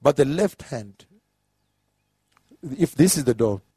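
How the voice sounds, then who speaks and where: A man preaching a sermon, repeating phrases and rising to shouts as he describes what he saw. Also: medium pitch, animated, slow, husky, dry recording. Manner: emphatic, repetitive, builds to shouts; describes with gestures, "like this".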